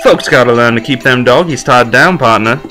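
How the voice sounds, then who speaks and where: A man's voice: mid-range voice, a little fast, bright, forceful tone, soft background music, lightly acted. A man voicing a swaggering cowboy-style male detective with a put-on Southern US accent, folksy and drawling.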